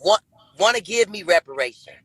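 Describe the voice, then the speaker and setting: A woman's voice: mid-range voice, expressive, fairly quick, a bit bright, slightly rough, no echo, rough recording. A woman in her fifties answering interview questions as a guest, brash and self-assured, drawling and repeating her points. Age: 50s. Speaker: guest on a dating talk show.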